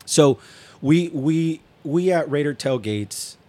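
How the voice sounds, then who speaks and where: A man's voice: on the high side, takes it slowly. A man co-hosting a casual talk show, telling a story with lots of swearing and acted-out quotes. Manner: profane, animated storyteller acting out quotes. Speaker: podcast co-host.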